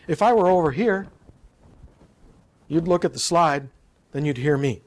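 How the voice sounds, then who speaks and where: Lively man giving a live presentation. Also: on the high side, measured pace, pauses often. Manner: lively, demonstrative, quizzes the audience. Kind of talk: live talk on public speaking. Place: presentation room with slides.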